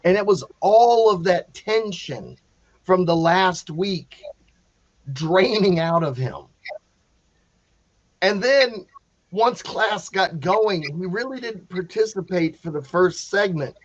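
A man telling a story in a casual, animated way, acting out the quotes with many restarts. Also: sits high, slow pace, no room sound, highs cut off. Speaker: panel guest telling a story.

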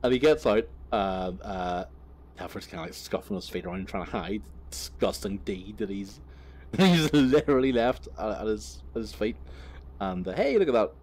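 A man's voice: lowish voice, expressive, moderate pace, darkish tone, slight background noise. A young man telling a crude, rambling anecdote while he drives, swearing freely and breaking off to laugh, recorded in his car. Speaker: vlogger.

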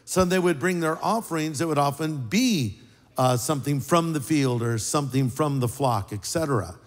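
An older man preaching a sermon as pastor, an animated storyteller with wry, sarcastic asides. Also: on the high side, normal speed, long reverb tail.

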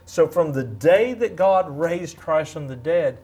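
Give me an animated man in his fifties, husky voice, giving a spiritual testimony. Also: on the high side, measured pace. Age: 50s. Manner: animated, storytelling, acts out quotes. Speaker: guest speaker. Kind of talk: faith testimony in a talk show.

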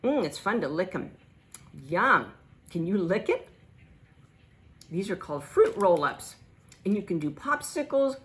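A middle-aged woman teaches toddlers in a sing-song voice, letting out animated, exaggerated gasps of delight. Her mid-range voice moves a little slowly, with long pauses.

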